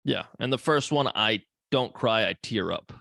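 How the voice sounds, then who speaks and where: A man's voice: on the low side, lively intonation, moderate pace, vocal fry, pushed and bright, no echo, studio quality. A man co-hosting a podcast in easygoing casual chat, swearing now and then. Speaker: podcast co-host; second grade teacher.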